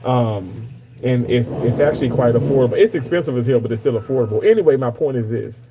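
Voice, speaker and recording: A man's voice: mid-range voice, fast talker, noisy background. A man, around his thirties, casually chatting to his viewers and telling a long personal story with emphatic repetitions. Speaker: streamer talking to viewers. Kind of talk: casual live chat.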